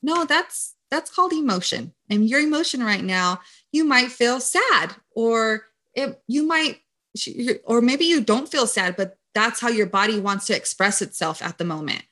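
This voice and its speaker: Young woman host, bright voice, emphatic and lively, jumps up high when excited. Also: measured pace. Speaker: podcast host. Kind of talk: casual conversation.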